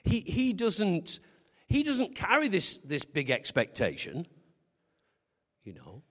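A man's voice: high-pitched, huge pitch swings, takes it slowly. A man preaching a sermon in a conversational way, telling stories with humor and asking the congregation questions. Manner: humorous, self-deprecating storytelling. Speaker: pastor. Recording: long hall reverb.

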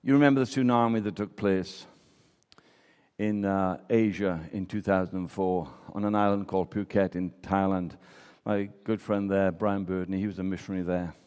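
Guy preaching a sermon, lowish voice, lots of storytelling, big echoey church hall. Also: fairly even intonation, moderate pace, a little mellow, clean tone. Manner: storytelling, acts out quoted voices.

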